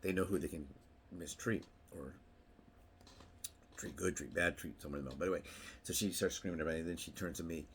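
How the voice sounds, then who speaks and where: बहुत गहरी आवाज़ वाला आदमी, बिखरी हुई बातें. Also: male voice, sits low, quick pace, pauses often, fairly bright tone, slight background noise. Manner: rambling, anecdotal, acts out quotes in a raised voice. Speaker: vlogger. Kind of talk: casual monologue to camera.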